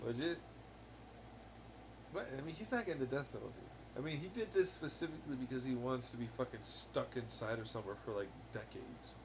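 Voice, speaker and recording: A man's voice: medium pitch, brisk, background noise. A young man rambling casually on his own podcast, cursing heavily as he rants. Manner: heavy swearing, ranting. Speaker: podcast host. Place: home on laundry day.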